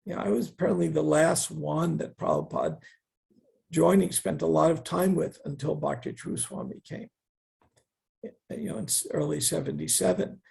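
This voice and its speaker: Older man with a gravelly husky voice. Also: a little high, fairly even intonation, moderate pace, darkish tone. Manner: earnest, wry asides, quotes others in a raised voice. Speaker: interview guest. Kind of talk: reflective storytelling.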